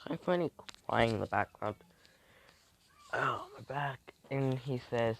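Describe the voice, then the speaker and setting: Slow, rambling young male storyteller. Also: medium pitch. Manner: rambling, halting, with many restarts and fillers; switches into quick character voices. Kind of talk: improvised fan-fiction storytelling.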